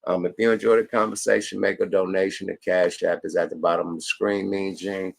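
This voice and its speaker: A man hosting his own livestream podcast, talking casual and profane with a slurred, gravelly drawl. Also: sits low, level tone, a little fast. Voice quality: gravelly, slurred like a drunk wino. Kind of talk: casual stream sign-off.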